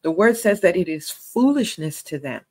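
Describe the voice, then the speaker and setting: A woman's voice: fairly low pitch, lively intonation, normal speed, a little mellow, rough recording. A woman giving a sermon-style Bible teaching, earnest and conversational, with emphatic stresses.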